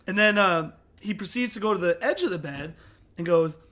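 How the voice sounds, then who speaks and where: A man co-hosting a podcast, recapping a movie in casual chat and loudly mimicking lines. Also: high voice, fairly quick. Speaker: podcast co-host.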